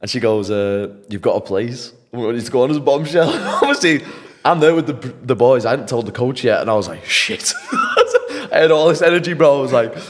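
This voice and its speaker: A young man from England, a podcast guest, telling a story in an animated, casual, slangy way and swearing freely. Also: medium pitch, a little fast. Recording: long hall reverb.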